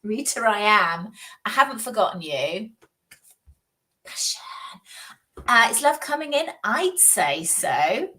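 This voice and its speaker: A woman, a psychic, chatting and doing readings on a casual live stream, with rambling, animated talk and frequent laughs. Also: mid-range voice, takes it slowly, long pauses, far from the mic. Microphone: video call.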